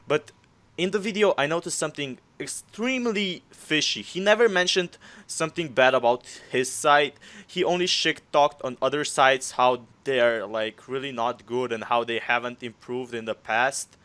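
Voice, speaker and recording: A man's voice: medium pitch, moderate pace, fairly bright tone. Blunt young man chatting casually. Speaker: podcast co-host. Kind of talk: casual podcast chat.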